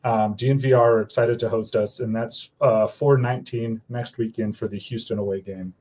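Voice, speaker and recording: A man's voice: mid-range voice, steady tone, normal speed, darkish tone. A man in casual chat announcing supporter events, rambling with many fillers and self-corrections. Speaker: supporters group organizer.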